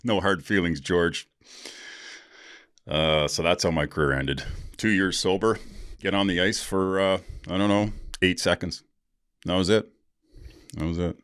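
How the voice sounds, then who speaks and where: A man's voice: sits low, steady tone, unhurried, fairly bright tone, clean tone, no room sound, clean studio sound. A middle-aged man hosting a podcast, telling a story casually with frequent laughs and fillers, then reading aloud to listeners. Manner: laid-back, laughs often, many fillers. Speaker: podcast host.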